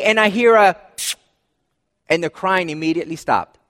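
A man preaching a sermon as pastor, conversational, dropping soft and low for emphasis. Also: moderate pace. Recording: long hall reverb.

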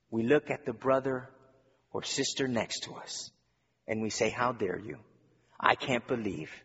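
A man's voice: medium pitch, fairly bright tone, slight background noise. A male pastor preaching a sermon in church, earnest, with rhetorical questions and repetition. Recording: dull recording in a reverberant hall.

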